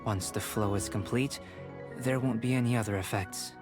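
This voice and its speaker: A man voicing a calm young male alchemist in a game, measured and lecturing. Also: lowish voice, natural voice. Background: faint game music.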